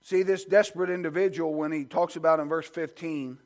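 A man's voice: fairly high pitch, steady tone, fairly quick. A man preaching a fervent sermon, asking the congregation questions and building his points through repeated phrases. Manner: asks the congregation rhetorical questions.

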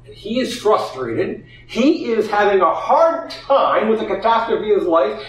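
Expressive male preacher in an echoey hall. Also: high-pitched, a little slow. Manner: expressive, acts out quoted voices. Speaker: pastor. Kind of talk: sermon. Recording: echoey room, heard from a distance.

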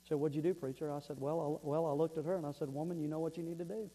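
High-voiced earnest pastor preaching. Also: male voice, fairly even intonation, rapid-fire, mellow, low-quality recording. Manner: earnest, repeats words, storytelling. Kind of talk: sermon.

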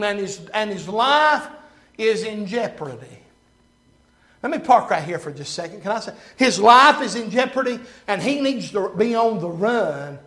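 A man preaching a sermon, rising to loud, emphatic peaks and dropping to hushed, low passages.

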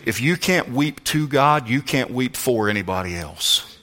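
A man preaching a sermon as pastor, fervent, swinging between shouts and hushed tones. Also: medium pitch, expressive, a little slow.

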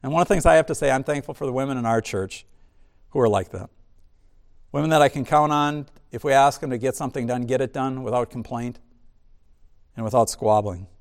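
A man's voice: mid-range voice, brisk. A man pastor giving a sermon, preaching in a conversational way with asides and humor.

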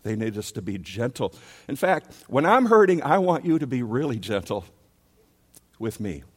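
A man preaching a sermon as pastor, emphatic, repeating key words and swinging between loud and soft. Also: mid-range voice, very animated, normal speed, slightly rough. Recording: long reverb of a large hall.

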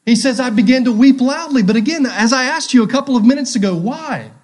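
A man's voice: extremely high pitch, lively intonation, quick pace, darkish tone. A male pastor preaching a sermon, asking rhetorical questions and repeating key phrases.

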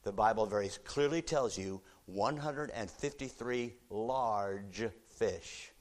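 Slowly and with vivid energy, a preacher relates a story during a church sermon, his voice dropping to low, quiet asides and then rising into loud, excited exclamations.

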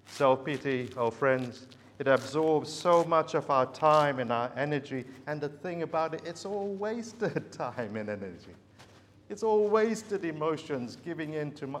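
Man, preacher, sermon, slow and deliberate, emphatic repetition, long hall reverb. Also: fairly high pitch, animated, slight background noise.

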